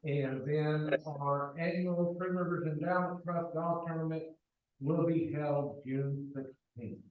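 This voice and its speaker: Man, college president reading the report, pitched a bit high, heard from far off on a tinny, echoey phone-like line with faint hiss. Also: slow pace. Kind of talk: reading meeting announcements. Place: board meeting room.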